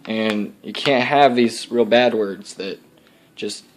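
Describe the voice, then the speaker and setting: A man's voice: on the low side, slow pace, slight background noise. A young man voicing his laid-back Texan alter ego, a slangy bro who drawls and lectures with "dude" and "bro". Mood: cocky. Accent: Texas. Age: young adult.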